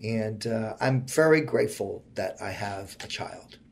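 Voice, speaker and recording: Gravelly-voiced guy in his 40s, earnest and heartfelt, goes quiet a lot when telling his story. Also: lowish voice, expressive, measured pace. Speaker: interview guest. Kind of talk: personal storytelling in conversation.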